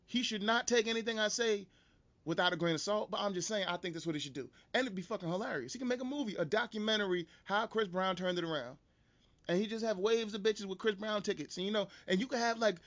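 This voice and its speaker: A high-voiced man hosting a podcast, riffing through an animated, profane comedic rant. He jokes without pause and swears freely. The recording is dull and lo-fi. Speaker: podcast host.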